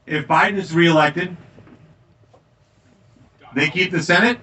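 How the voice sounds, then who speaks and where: A man giving a campaign stump speech in a tavern, telling anecdotes in an emphatic, energetic way. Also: fairly high pitch, slow, distant mic, poor audio. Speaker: political candidate. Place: tavern, indoors.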